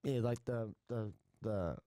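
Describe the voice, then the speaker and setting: A young man with a New Zealand accent, co-hosting a podcast and telling stories in a crude, slangy, animated way. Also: on the low side, slow, no echo, studio quality. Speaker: podcast co-host. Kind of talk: casual podcast chat.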